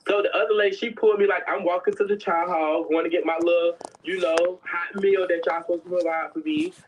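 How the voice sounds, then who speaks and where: A woman's voice: lowish voice, steady tone, a little fast, slight background noise. A woman telling prison stories in a casual, sassy, dramatic way, slipping into other people's voices. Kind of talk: casual storytelling. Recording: dull lo-fi sound.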